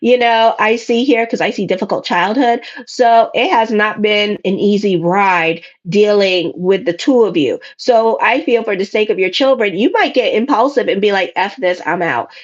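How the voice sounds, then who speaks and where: A woman's voice: medium pitch, moderate pace, hardly any pauses, dull audio. A woman astrologer giving a casual weekly tarot reading in a sassy, blunt way. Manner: sassy, blunt, acts out listeners' voices.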